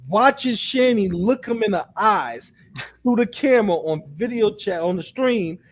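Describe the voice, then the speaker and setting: A man with a high voice talking in casual chat, blunt and profane. He gets animated and acts out other people's lines in a mocking tone. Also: unhurried, slight background noise. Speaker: co-host.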